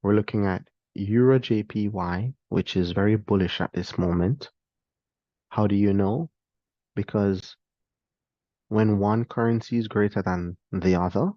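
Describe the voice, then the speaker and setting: A man explaining a trading strategy to viewers in a relaxed, talkative way, addressing them directly. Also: lowish voice, no room sound, lo-fi sound. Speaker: trading instructor. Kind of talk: screen-share trading lesson.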